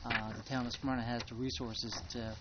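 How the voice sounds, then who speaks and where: A man, a town official, speaking at a council meeting in a measured, hesitant way with frequent ums. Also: medium pitch, level tone, muffled recording, heavy background noise. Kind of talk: formal meeting talk.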